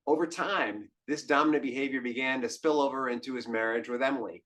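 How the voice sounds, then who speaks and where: A man hosting a podcast, telling a story in a monologue. His voice sits at a middling pitch, and he swings from hushed, drawn-out lines to loud, emphatic ones. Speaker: podcast host.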